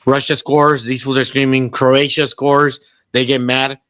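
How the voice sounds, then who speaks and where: A man's voice: medium pitch, flat delivery, measured pace, fairly bright tone, no room sound. A man co-hosting a podcast in casual chat, telling rambling, profane stories and slipping into Spanish. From Southern California. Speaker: podcast co-host.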